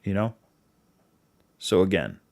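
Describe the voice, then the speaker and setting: A man's voice: sits low, slow pace, gravelly. A young man with a Boston accent hosting a livestream, rambling casually and acting out quoted dialogue. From New England. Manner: rambling, animated, full of fillers and quoted dialogue. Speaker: livestream host.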